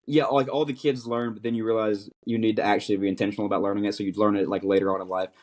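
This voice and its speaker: A man's voice: on the low side, little pitch movement, racing, darkish tone. A young man hosting a podcast, chatting casually and thinking aloud with many fillers and restarts. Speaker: podcast host. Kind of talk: casual chat.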